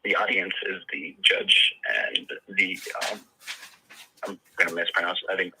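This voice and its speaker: A man's voice: sits low, flat delivery, moderate pace, pushed and bright, a little hiss or hum, rough recording. A man practicing his testimony in a coaching session, hesitant and full of fillers and restarts.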